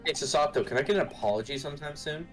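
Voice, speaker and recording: A man's voice: on the high side, rapid-fire, a bit bright. A man playing along on a game stream, trading joking, mock-indignant banter. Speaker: co-player. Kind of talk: casual game stream chat. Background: faint game music.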